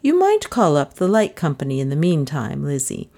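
A woman's voice: deep voice, wildly swooping pitch, normal speed, gravelly, warm tone, heavily acted. A woman reading an audiobook who voices a prim, composed older lady running her household. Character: prim elderly spinster mistress of the house.

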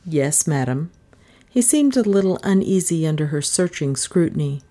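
A woman narrating a story in a steady audiobook reading. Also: on the low side, fairly quick.

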